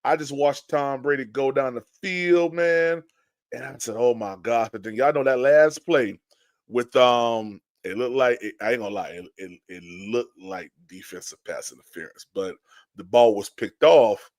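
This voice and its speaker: A man hosting a fan podcast, telling stories in a lively, casual way with many restarts and greeting chat viewers. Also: mid-range voice, moderate pace, no echo, clean studio sound. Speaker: podcast host. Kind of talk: casual live-stream chat.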